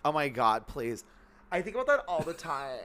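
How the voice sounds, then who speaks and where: Animated young man riffing on a podcast. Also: fairly high pitch, moderate pace. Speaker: podcast co-host. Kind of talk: casual chat.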